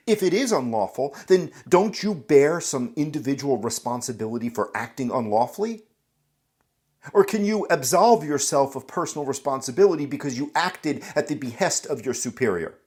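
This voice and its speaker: A man's voice: mid-range voice, big pitch swings, moderate pace, a little mellow, slightly rough. A man hosting a podcast, telling a story in a scripted, dramatic way and talking straight to the listener. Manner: dramatic, addresses the listener directly. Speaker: podcast host.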